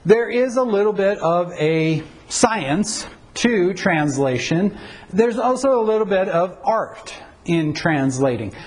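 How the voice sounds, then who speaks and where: A man's voice: high voice, poor audio. A middle-aged man pastor giving an informal teaching talk on Bible translation, conversational and wry, stopping often to correct himself. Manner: conversational, self-correcting, uses anecdotes and wry humor.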